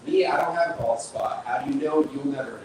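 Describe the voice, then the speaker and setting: A man's voice: mid-range voice, quick pace. Young man, stand-up, rambling and filler-heavy, far from the mic in a very echoey room. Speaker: stand-up comedian. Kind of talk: stand-up set at an open mic. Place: small bar performance space. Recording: echoey room picked up from afar, noisy.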